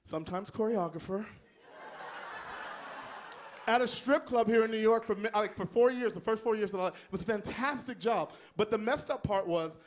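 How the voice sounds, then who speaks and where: A man's voice: high-pitched, moderate pace. A man from Texas doing a live stand-up set, telling stories in a sassy, flamboyant way with asides to the crowd. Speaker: stand-up comedian.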